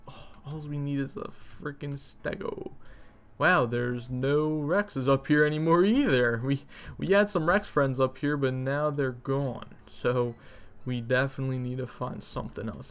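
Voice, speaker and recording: An excitable young man narrating his own gameplay in a middle-pitched voice, chatting to the animals on screen and shouting when attacked. He trips over words now and then, and keyboard typing clicks along behind him. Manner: excitable, talks to creatures, yelps at danger; stutters at times. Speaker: gamer. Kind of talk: game commentary.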